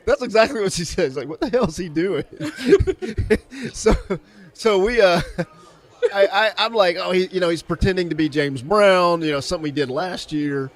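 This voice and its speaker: A man co-hosting an interview, telling an animated story with frequent laughter. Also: on the high side. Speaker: co-host. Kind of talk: casual interview chat.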